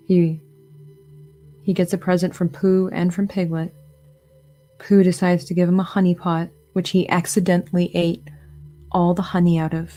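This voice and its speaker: A woman chats on a painting stream, retelling a story in a lively, casual way. Her voice is slightly low and mellow. Faint music plays behind her. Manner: chatty, animated storyteller.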